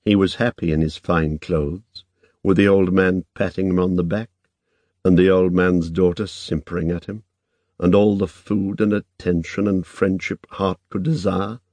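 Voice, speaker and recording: A man reading a novel aloud in measured, even scripted narration. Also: sits low, dry recording. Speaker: audiobook narrator.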